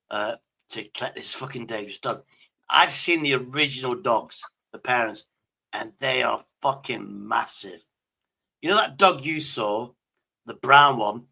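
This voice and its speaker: A man's voice: medium pitch, gravelly, bright, forceful tone, rough recording. A man from Britain hosting a stream, telling rambling stories in crude casual banter and swearing constantly. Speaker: stream host.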